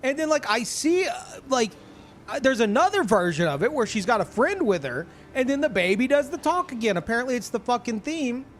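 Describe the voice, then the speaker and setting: A man streaming live in casual chat, ranting in an animated and profane way. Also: very high-pitched, a little fast, a little hiss or hum.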